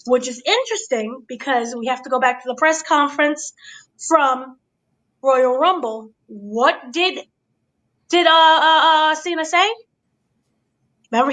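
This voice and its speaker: Female host, high voice, animated casual recap. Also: poor audio. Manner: animated, acts out quotes.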